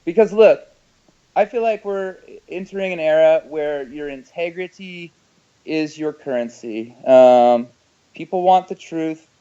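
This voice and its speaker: A man, an actor and screenwriter, giving emotional, halting interview answers and often repeating his words. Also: a little high, mellow, smooth, highs cut off.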